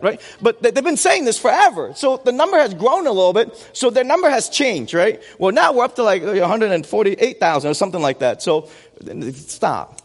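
Male pastor, upbeat conversational sermon, slightly high voice, big-hall reverb. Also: a little fast. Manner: animated, conversational preaching with frequent tag questions. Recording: long reverb of a large hall.

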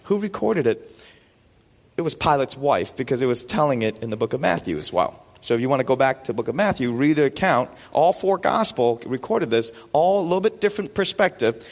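A man preaching a sermon as pastor, animated and full of rhetorical questions. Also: mid-range voice, fairly quick, in a large hall.

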